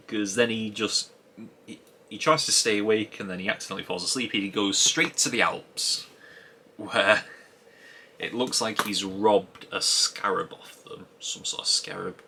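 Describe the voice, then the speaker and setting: Guy rambling through a show review, low voice but bright and forceful, lots of restarts. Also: fairly even intonation, measured pace, gravelly, slight background noise. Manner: musing aloud, rambling with frequent restarts. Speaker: TV episode reviewer. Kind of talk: casual spoken episode review.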